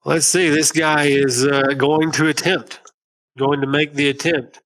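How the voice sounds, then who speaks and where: A man's voice: fairly high pitch, little pitch movement, measured pace, a bit bright, low-quality recording. A man running an online tabletop game as game master, casual and swearing now and then as he handles the dice rolls. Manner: casual, swears, narrates in bursts.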